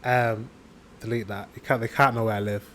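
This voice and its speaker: A British man hosting a reaction video, chatting casually, laughing often and slowly repeating phrases he is learning. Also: fairly low pitch, fairly even intonation, a bit bright, slight background noise. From England.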